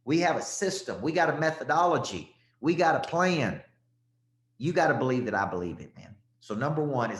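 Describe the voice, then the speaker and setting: A man's voice: medium pitch, animated, normal speed. A middle-aged man from Tennessee, coaching a live audience on sales closes in a punchy, emphatic way, checking in often with "okay?". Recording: echoey room.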